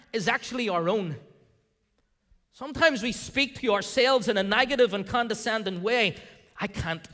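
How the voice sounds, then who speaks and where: A male pastor preaching a sermon in a church, animated, acting out the voices of the people in the scripture. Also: high-pitched, long reverb tail. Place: church sanctuary.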